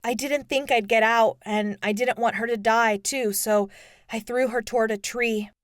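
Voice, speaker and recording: A woman's voice: a little high, fairly even intonation, moderate pace, no echo, natural voice. A woman voicing an upset, vulnerable teenage girl in an audiobook, speaking earnestly and close to tears. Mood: distressed. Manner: tearful, earnest pleading. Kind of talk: audiobook character voice.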